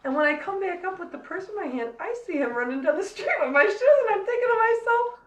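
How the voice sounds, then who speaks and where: A woman's voice: extremely high pitch, quick pace, echoey room, poor audio. A woman casually telling a personal story to friends, laughing often and acting out what people said. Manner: animated, laughs often, acts out quotes.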